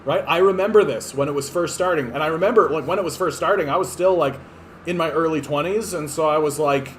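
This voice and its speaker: A man's voice: on the high side, quick pace, a little hiss or hum. A man in his thirties from Canada, rambling through casual political commentary on clips, sarcastic and profane, full of fillers and restarts. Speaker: political streamer.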